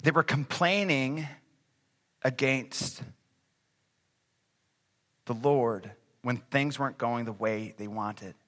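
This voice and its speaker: A man preaching a sermon as pastor, animated and acting out grumbling voices. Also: mid-range voice, slow pace, long pauses. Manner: animated, acts out complaining voices. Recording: reverberant hall.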